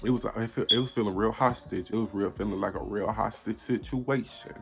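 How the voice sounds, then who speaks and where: An eighteen-year-old vlogger with a fairly low, creaky voice tells a story to camera a little fast, his intonation fairly even. He's casual, blunt and profane, acting out what people said.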